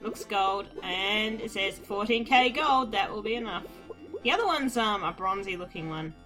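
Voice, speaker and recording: A woman's voice: mid-range voice, expressive, moderate pace, bright, forceful tone, soft background music. A woman giving wry, rambling casual commentary while playing an adventure game. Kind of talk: casual let's-play commentary.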